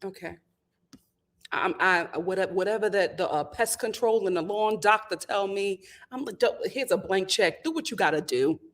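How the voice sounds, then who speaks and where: A woman's voice: mid-range voice, normal speed. A woman hosting a casual live stream, reading out viewer comments and making dramatic, laughing outbursts. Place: home.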